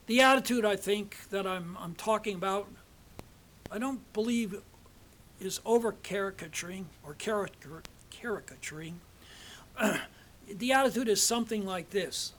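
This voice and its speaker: Older male professor, measured lecture delivery, higher-pitched voice, deliberate pauses. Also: fairly bright tone. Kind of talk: theology lecture. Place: seminar hall.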